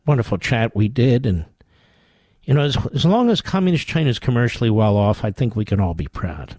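Talk radio host, male, sarcastic and combative, very lively pitch swings, dry close sound. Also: brisk, dry recording. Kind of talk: political talk radio commentary.

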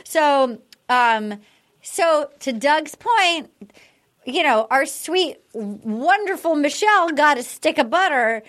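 A woman's voice: high voice, takes it slowly. A woman co-hosting a comedy podcast, recapping a dating show in casual chat and acting out what the cast said. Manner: animated, acts out quotes of reality show cast. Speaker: podcast co-host.

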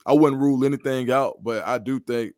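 A man's voice: mid-range voice, fairly quick, no room sound, clean studio sound. A man, a guest analyst in a podcast interview, talks through football recruiting in a confident, analytical way. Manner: confident, analytical, animated storytelling.

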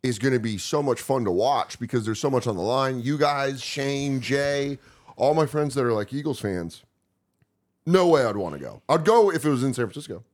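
A man, a guest comedian, chatting casually on a podcast and acting out shouting fans as he tells stories. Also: medium pitch, normal speed. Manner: animated storyteller who acts out shouting fans.

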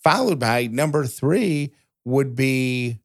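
A podcast co-host with a medium-pitched, animated voice takes his time, recorded with no room sound. He chats casually with dry jokes, stumbling and restarting, and also reads out short news items.

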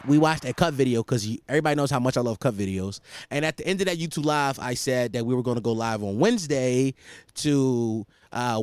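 A man's voice: a little high, no echo, studio quality. A young man hosting a podcast, chatting casually in a rambling, profane and self-mocking way. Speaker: podcast host. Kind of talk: casual solo chat.

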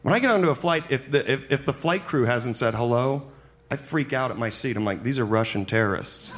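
A man performing a stand-up set on a comedy club stage, animated and breaking into high-pitched panicky outbursts. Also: fairly quick. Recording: live stand-up recording with room noise.

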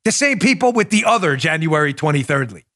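A man hosting a political podcast, talking in a sarcastic, mocking way with loud bursts and muttered asides. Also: fairly high pitch, very animated, fairly quick, no room sound, studio quality. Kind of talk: opinionated solo commentary.

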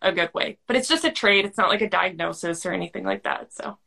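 A woman's voice: medium pitch, fast, vocal fry, pushed and bright. A woman who is a podcast guest, explaining things in a chatty, casual way and using "like" a lot. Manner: chatty, leans on a lot of "like" fillers. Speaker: interview guest. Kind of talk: casual chat.

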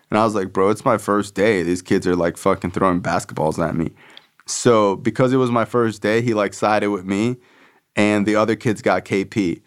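A man with a fairly low voice tells his own life story as a podcast host. He talks loosely and candidly, with lots of "like" fillers and swearing. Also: moderate pace, clear, resonant tone. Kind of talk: casual personal storytelling.

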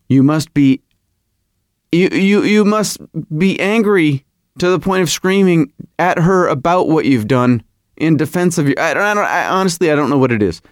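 A middle-aged man hosting a podcast, telling a comic story in a rambling, animated, self-mocking way. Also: a little high, no echo, studio quality. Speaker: podcast host. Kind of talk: comedic podcast monologue.

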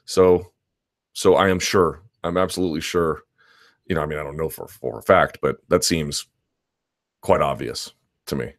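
Deep-voiced man rambling through chat questions. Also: normal speed, pauses often, no echo, studio quality. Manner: conversational, rambling, frequent restarts and asides. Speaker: host answering live chat questions. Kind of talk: casual live-stream chat.

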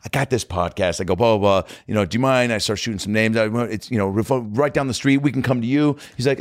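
A young man talks fast and tells a story with energy, jumping into loud acted-out quotes. The recording is dry and close, with no room sound. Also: on the low side, no room sound. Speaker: comedian and podcaster. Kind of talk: casual chat, telling an animated story.

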